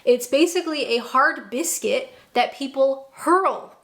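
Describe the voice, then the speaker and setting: A woman's voice: high voice, unhurried, gravelly, fairly bright tone. A woman from the United States talking to camera in a playful way, acting out little quoted exchanges. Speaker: video presenter. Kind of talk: scripted talk to camera.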